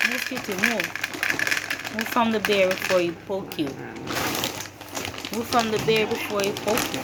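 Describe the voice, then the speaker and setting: A woman's voice: mid-range voice, animated, slow, pauses often, heavy background noise. A woman vlogger chatting to the camera at home and coaxing her cats to let her touch them. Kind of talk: casual vlog talk to camera and pets.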